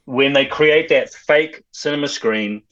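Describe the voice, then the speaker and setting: A man's voice: medium pitch, unhurried, a bit bright, lo-fi sound. A man on a film podcast, rambling enthusiastically in casual discussion.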